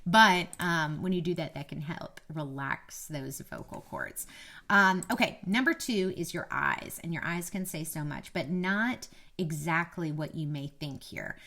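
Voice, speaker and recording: A woman's voice: low voice, unhurried, sharp tone. Chatty woman, mild Southern lilt. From Kentucky, USA. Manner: chatty, self-deprecating, laughs easily. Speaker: media coach, former TV reporter. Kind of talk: casual to-camera tips.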